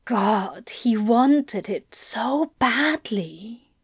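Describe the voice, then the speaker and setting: Unhurried, expressive woman narrating a story. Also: fairly high pitch, dry recording, clean studio sound. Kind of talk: audiobook narration.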